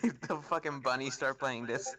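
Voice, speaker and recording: A man's voice: medium pitch, lively intonation, normal speed, crowd noise. A man playing a tabletop game, joking around in a casual, crude way. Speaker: player.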